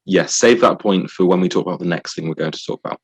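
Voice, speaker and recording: A man co-hosting a comic discussion podcast, laying out theories in a measured way. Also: sits low, slightly rough. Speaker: podcast co-host. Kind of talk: casual chat.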